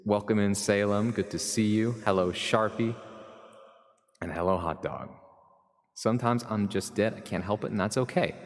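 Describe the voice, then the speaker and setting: A man's voice: fairly low pitch, normal speed. A man hosting his own live stream, chatting casually and rambling through asides as he greets viewers and mods. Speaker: livestream host. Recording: long reverb with music underneath.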